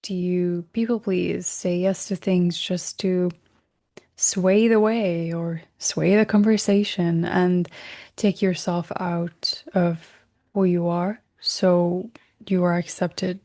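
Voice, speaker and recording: This is a female workshop host on a self-help recording, reflective and gentle, who corrects herself mid-sentence and lowers key words to a soft whisper. She has a fairly low voice with little pitch movement and a slow delivery.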